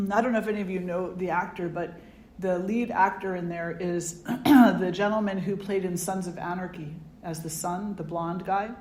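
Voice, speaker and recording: Low-voiced woman teaching in a roomy hall. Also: darkish tone. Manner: conversational, reflective, asks the audience questions. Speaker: spiritual teacher. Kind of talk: satsang talk. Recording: roomy hall with faint ambience.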